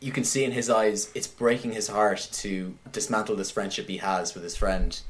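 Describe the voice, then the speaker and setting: A man in casual conversation, retelling a film scene by scene in an animated way, with many "like"s. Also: fairly low pitch, normal speed. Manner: animated retelling, heavy use of "like". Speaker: podcast guest discussing films.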